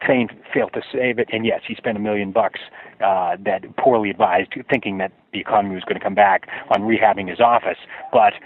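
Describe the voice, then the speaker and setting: A lowish male voice comes through a narrow, tinny phone line. He is an author answering interview questions, explaining at length in a storytelling way and often restarting his sentences. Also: steady tone, a little fast. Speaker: author guest.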